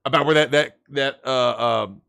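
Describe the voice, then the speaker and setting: A man telling a story in casual chat, animated, swearing and repeating himself. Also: medium pitch, normal speed, gravelly, smooth. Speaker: guest.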